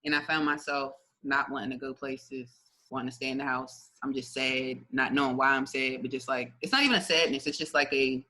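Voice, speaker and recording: A young woman gives her faith testimony in a casual interview, talking in a loose, chatty way. Her voice is very bright and forceful, and she breaks into laughter often. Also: rumbling low, brisk, low-quality recording. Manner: lively, chatty, laughs often, many fillers. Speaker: guest sharing her testimony.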